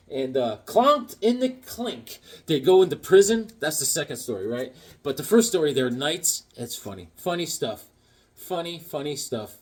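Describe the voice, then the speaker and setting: Man, from Connecticut, husky voice, rambling casual chat, deadpan jokes, comic book vlogger. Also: fairly high pitch, moderate pace. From Connecticut, USA. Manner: rambling, joking, tells deadpan tall tales.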